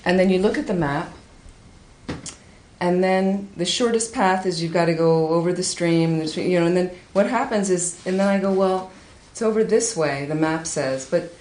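A woman giving a Buddhist talk, telling a teaching story with lively, high-pitched acted quotes. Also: moderate pace. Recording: echoey room with faint ambience.

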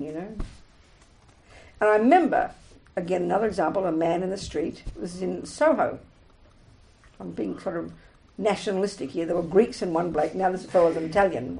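A woman's voice: fairly low pitch, a little fast, gravelly, mellow, poor audio. A woman giving a frank, emphatic Buddhist teaching talk, repeating her points and laughing often. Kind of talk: dharma talk to students.

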